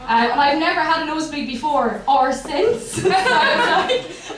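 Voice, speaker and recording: A woman's voice: high-pitched, lively intonation, measured pace, recorded from a distance. A young woman with a Kerry Irish accent performing a chatty, self-mocking stand-up set with plenty of swearing. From Ireland. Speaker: stand-up comedian. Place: comedy club stage. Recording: echoey club, mic heard from afar.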